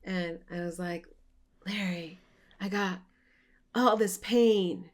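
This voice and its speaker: Woman co-hosting a mindfulness class, fairly low voice, tells stories with lots of energy and laughs. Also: slow pace. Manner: animated, laughs while telling stories. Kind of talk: casual storytelling chat. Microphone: online video call.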